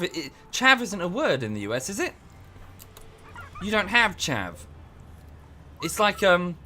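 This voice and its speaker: A man's voice: high voice, bright, forceful tone. Rambling English man streaming a game. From England. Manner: rambling, self-correcting, chatty with chat. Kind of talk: casual livestream chat over gameplay.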